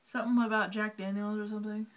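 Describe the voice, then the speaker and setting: A woman's voice: mid-range voice, flat delivery, fast. A young woman chatting casually with her sister at home, playful and a little bossy as she directs each take. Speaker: vlogger introducing the video. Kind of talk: casual chat between sisters.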